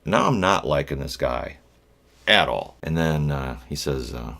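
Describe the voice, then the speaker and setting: A middle-aged man vlogging, telling a rambling personal story in a blunt, profane way with wry asides and lots of halting restarts. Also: a bass voice, expressive, gravelly, fairly bright tone. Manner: halting, with many fillers and restarts.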